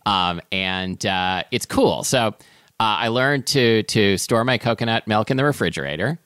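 A man co-hosting a casual food podcast, explaining things in a halting way with many fillers. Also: fairly low pitch, fairly bright tone, clean tone, no room sound, studio quality. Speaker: podcast co-host. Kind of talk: casual chat.

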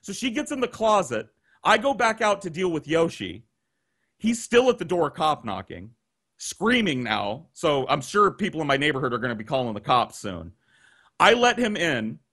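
A man telling a long story on a podcast, animated and profane, acting out the people he quotes, on a video call. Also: fairly high pitch, moderate pace. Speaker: guest storyteller.

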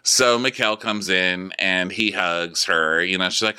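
A man's voice: low-pitched, unhurried, pushed and bright, clean tone. A man co-hosting a podcast, chatting casually about reality TV and animatedly mimicking people. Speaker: podcast co-host. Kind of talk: casual chat recapping reality TV.

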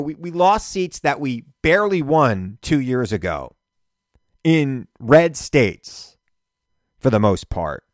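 A man hosting a radio talk show, delivering an animated political monologue with indignant emphasis. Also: fairly high pitch, dry recording, clean studio sound.

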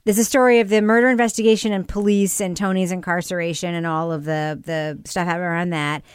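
A woman hosting a casual discussion, animated, her pitch leaping up on her questions. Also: quick pace, clean tone, no echo. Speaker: podcast host.

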